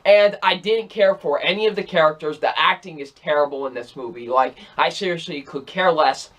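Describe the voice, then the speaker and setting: A man's voice: a little high, moderate pace, fairly bright tone, muffled recording. A young man reviewing movies in a casual, rambling and exasperated way, repeating himself often. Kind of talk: casual ranking video.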